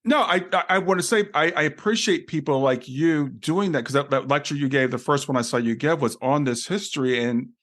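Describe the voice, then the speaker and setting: A man's voice: fairly high pitch, fairly quick, hardly any pauses, a bit bright. A man hosting an interview podcast, speaking earnestly and thinking aloud. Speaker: podcast host. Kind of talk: casual conversation.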